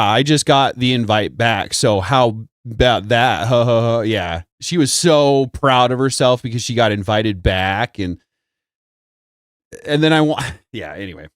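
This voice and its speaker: A man co-hosts a live stream in loose, rambling commentary. He mocks freely and mimics others in a higher voice. His voice sits at a middle pitch and sounds dry and close. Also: lively intonation, slow pace, no room sound. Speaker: co-host.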